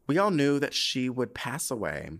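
A man's voice: mid-range voice, moderate pace. A young man hosting a podcast, chatting casually in a camp, swearing style and reading a listener's letter aloud, getting choked up. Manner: animated, camp, swears freely, gets emotional while reading. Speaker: podcast host.

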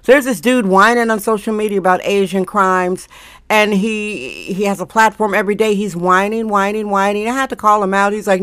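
A woman's voice: medium pitch, moderate pace, a bit bright, smooth, no room sound. A middle-aged woman hosting her daily show, talking in a blunt, ranting, casual monologue with sarcastic asides.

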